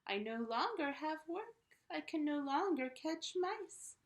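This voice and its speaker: A woman's voice: high-pitched, very animated, unhurried, pitched above the performer's own voice. A woman voicing a sad house cat who has lost its work, speaking plaintively in a storybook. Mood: forlorn.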